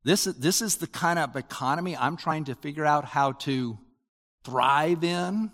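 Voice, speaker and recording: An older man giving a sermon as pastor, in a conversational, animated preaching manner with rising emphasis. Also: fairly high pitch, a little slow, long reverb tail.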